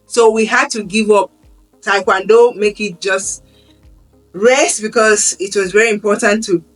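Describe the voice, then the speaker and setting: A woman talks to camera about raising her children, earnest and conversational, often circling back to restart a phrase. Her voice sits in a middle pitch. She is set a little back from the mic, with quiet music running underneath. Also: fairly even intonation, a little slow. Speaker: parenting vlogger. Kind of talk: casual talk to camera. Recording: slightly distant mic with faint background music.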